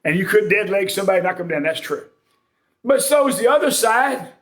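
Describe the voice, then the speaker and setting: A man delivers a sermon in a folksy, conversational manner, slipping jokes and homespun stories into his points. His voice sits high for a man. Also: expressive, fairly quick. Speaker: preacher.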